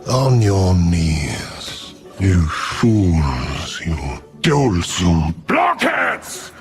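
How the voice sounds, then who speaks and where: An actor playing a vain, cruel male villain overlord in a film, with a menacing, drawn-out theatrical delivery. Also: sits low, huge pitch swings, faint music behind, heavily acted. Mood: furious. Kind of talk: film dialogue.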